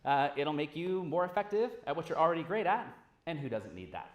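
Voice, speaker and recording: A man on stage giving a conference talk in a loose, animated way, cursing freely. His voice carries the roomy ring of a large lecture hall. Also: a little high, fairly quick. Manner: casual, animated, swears freely. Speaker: conference speaker.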